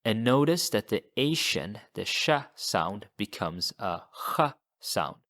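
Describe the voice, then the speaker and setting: Male language teacher, lowish voice, very slow and patient, repeats words for learners. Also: big pitch swings, fairly bright tone. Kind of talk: slow, deliberate language lesson.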